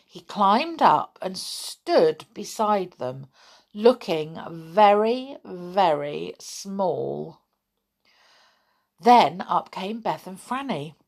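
Woman storyteller, children's book, slow pace, lively pitch, sing-song. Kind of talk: reading a children's book aloud.

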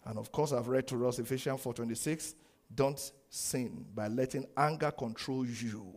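A man preaching a sermon, animated, laughing often and acting out the quoted lines. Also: mid-range voice, normal speed. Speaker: pastor.

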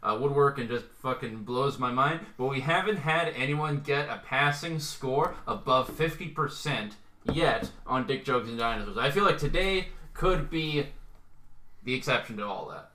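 A man's voice: medium pitch, lively intonation, normal speed, pushed and bright, reverberant, a little hiss or hum. A man hosting a casual comedy podcast quiz, talking loosely with lots of fillers and restarts. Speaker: podcast host and quizmaster.

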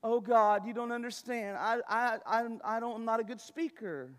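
A man's voice: very high voice, normal speed, fairly bright tone, in a large hall. A man voicing Moses as an anxious, stammering, self-doubting man who pleads in a whiny voice. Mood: pleading.

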